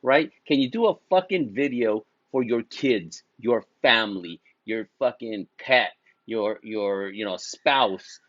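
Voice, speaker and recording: A man's voice: on the low side, slow pace, a bit bright, no room sound, muffled recording. A man giving a blunt, profane motivational talk to beauty professionals, full of slang and restarts, laughing at his own jokes. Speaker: beauty business coach. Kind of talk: casual motivational talk to camera.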